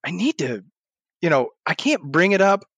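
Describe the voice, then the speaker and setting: A man's voice: sits high, moderate pace, no room sound, highs cut off. A man talking as a guest in an interview, animatedly telling stories and acting out what he said back then. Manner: animated storyteller, acts out his own past words. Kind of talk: storytelling in a podcast interview.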